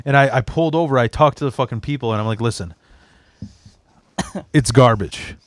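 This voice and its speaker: A man's voice: mid-range voice, moderate pace, dry recording. Wisecracking man on a dry, close mic. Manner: wisecracking, profane, jokey asides. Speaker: podcast co-host. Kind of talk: casual chat. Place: podcast studio room.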